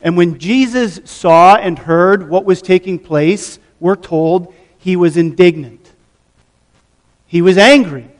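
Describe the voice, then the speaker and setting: A middle-aged pastor preaching a sermon, teaching the passage and putting questions to the congregation. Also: male voice, sits high, slow pace, a little mellow. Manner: teaching, asks the audience questions.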